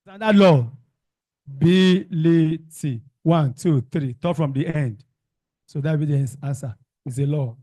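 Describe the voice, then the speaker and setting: Male teacher running class drills, questions and repeated answers; slightly high, unhurried, close and dry. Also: mellow, no echo. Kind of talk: classroom revision lesson.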